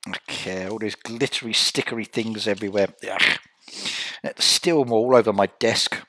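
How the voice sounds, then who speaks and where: A man's voice: fairly low pitch, moderate pace, bright, forceful tone. A man chatting and joking with viewers as the host of a live stream. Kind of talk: casual live-stream chat.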